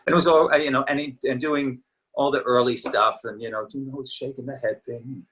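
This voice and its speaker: A man's voice: medium pitch, fairly even intonation, a little fast, fairly bright tone, poor audio. A middle-aged actor chatting as a guest in a casual interview, easygoing and reminiscing, his voice a little tired from talking. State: slightly tired voice.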